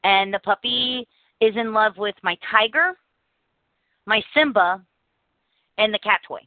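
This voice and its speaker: A woman hosts a podcast and chats casually, telling her stories with animated energy. Her voice comes through a narrow, phone-like line. The sound is dry, with no room echo. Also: mid-range voice, measured pace. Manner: chatty, animated storytelling with laughs. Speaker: podcast host. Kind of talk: casual chat.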